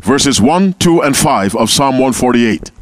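A man's voice: mid-range voice, animated, measured pace, no room sound. A man leading an interactive Bible class, calling on members by name and repeating key phrases. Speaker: Bible teacher.

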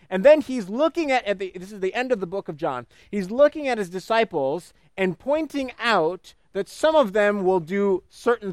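A male preacher with a high, lively voice that leaps between soaring peaks and low, quiet drops. He preaches in an animated way, acting out voices in the stories he tells. The sound is dry and close, with no room echo. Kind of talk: sermon.

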